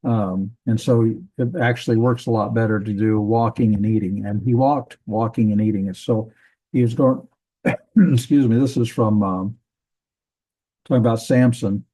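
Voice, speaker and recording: A man teaching a grammar lesson from a Bible language textbook, methodical, repeating words and pausing with fillers. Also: lowish voice, fairly even intonation, warm tone, slightly rough, rough recording.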